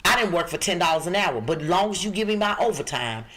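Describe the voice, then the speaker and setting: Woman from chicago with a rough low voice, bright and forceful, bossing her listeners about job listings on a podcast. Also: expressive, fast talker. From Chicago, USA. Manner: emphatic, bossy, talks back to co-hosts. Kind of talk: lively podcast talk.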